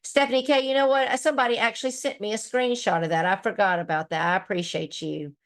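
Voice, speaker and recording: A woman's voice: medium pitch, steady tone, fast. A woman hosting a casual livestream, reading viewer comments aloud and reacting bluntly with plenty of swearing. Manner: blunt and profane, laughs often. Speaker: livestream host.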